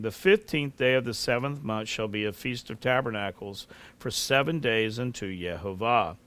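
Man preaching a measured holy-day sermon. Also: mid-range voice, a bit bright, clean tone. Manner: earnest, measured preaching with scripture reading. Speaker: pastor.

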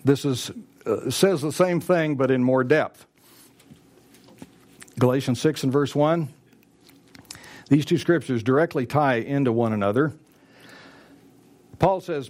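A man's voice: medium pitch, expressive, moderate pace, a little mellow. A man preaching a sermon, driving his points home with repetition and acting out what people might say to each other. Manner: preaching with emphatic repetition, acting out quoted dialogue. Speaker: pastor.

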